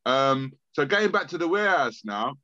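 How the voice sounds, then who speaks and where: A man's voice: on the high side, normal speed, no echo, lo-fi sound. A man with a London accent telling a long story as a podcast guest, acting out the voices of others and often restarting his sentences. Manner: animated, acts out quoted voices, frequent stammered restarts. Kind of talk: storytelling in a casual interview.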